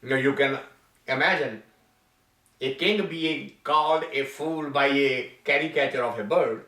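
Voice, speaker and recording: A man giving a spiritual talk as a teacher, telling a story slowly and deliberately with long pauses, in an echoey room from far off. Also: medium pitch, bright, forceful tone.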